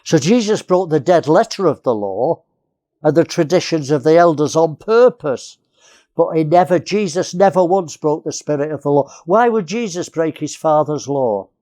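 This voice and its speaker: A man's voice: fairly high pitch, animated, moderate pace, dark tone. A man from England preaching a sermon, earnest, repeating key phrases and often restarting.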